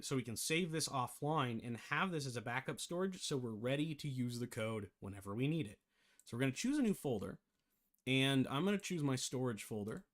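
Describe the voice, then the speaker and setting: A man talks through a software tutorial in a loose, casual way, thinking aloud and catching his own slips. His voice sits at an ordinary middle pitch. He has the hiccups. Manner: rambling, self-correcting, thinks aloud. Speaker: game development tutor. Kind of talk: casual screen-share tutorial.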